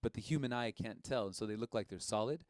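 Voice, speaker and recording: A man teaching a live-streamed didgeridoo lesson in a relaxed, conversational way, with frequent fillers. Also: on the low side, fast, no echo.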